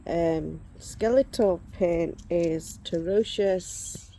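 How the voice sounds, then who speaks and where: Showing reborn dolls outside in the sun, a woman in her forties rambles through a casual chat and breaks off to shoo insects. She talks extremely slowly in a warm, lowish voice, with slight background noise.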